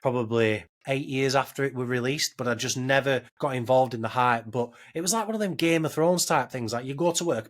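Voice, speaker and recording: A man's voice: mid-range voice, fast talker, few pauses. A man, hosting a casual podcast and rambling with many restarts and repeated words. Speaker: podcast host.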